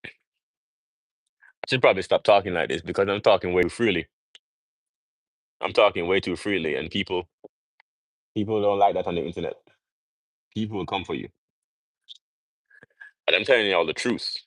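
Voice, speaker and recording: A young man from Jamaica hosts a casual livestream and holds forth in an emphatic, preachy monologue full of rhetorical questions. His voice sits on the low side. The sound is dry and close, with no room echo. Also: moderate pace, long pauses, a bit bright. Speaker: livestream host.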